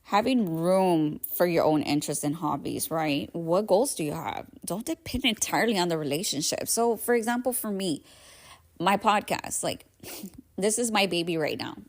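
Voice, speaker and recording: Chatty woman podcaster, low voice. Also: moderate pace. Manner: chatty, animated, filler-heavy, acts out quoted dialogue. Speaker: podcast host. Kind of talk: casual storytelling monologue.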